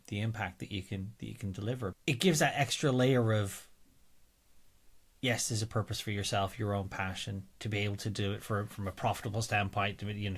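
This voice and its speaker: Male podcast host, conversational interviewer, halting delivery with frequent restarts. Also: on the low side. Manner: halting, repeats words while finding his phrasing. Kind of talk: interview questions, casual chat.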